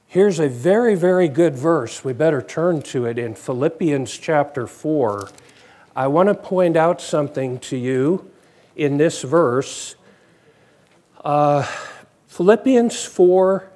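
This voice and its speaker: A man's voice: a little high, a little mellow. A man preaching a conversational sermon, asking his congregation questions.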